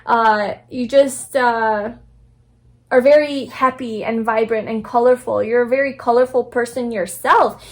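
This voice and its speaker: A woman's voice: a little high, steady tone, measured pace. A young woman giving a casual pick-a-card tarot reading, rambling and affirming, with many fillers and restarts. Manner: soft, affirming, gentle delivery. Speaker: tarot reader.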